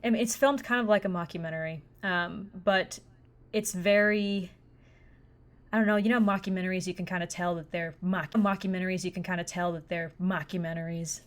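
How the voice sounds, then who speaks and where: A woman's voice: fairly low pitch, fairly even intonation, brisk. Laid-back young woman chatting. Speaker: podcast co-host. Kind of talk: casual chat.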